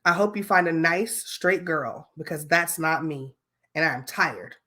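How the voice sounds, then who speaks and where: A woman's voice: low voice, a little slow, bright, forceful tone. A woman putting on an acting voice to read a monologue as a young female college student who bluntly confesses to her boyfriend that she is gay. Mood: blunt, weary. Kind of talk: comic dramatic reading.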